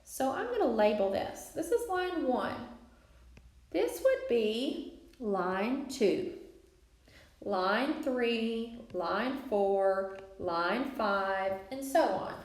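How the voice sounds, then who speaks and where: A woman teacher giving a recorded lesson, speaking clearly and putting stress on syllables. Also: fairly high pitch, expressive, drawn-out words. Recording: echoey room.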